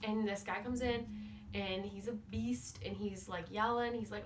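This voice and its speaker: A woman's voice: medium pitch, steady tone, measured pace, a little hiss or hum. A woman giving a casual, playful book recap as a vlogger, leaning heavily on "like" as she retells the plot. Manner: chatty, playful, says "like" constantly. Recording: voice somewhat far from the mic.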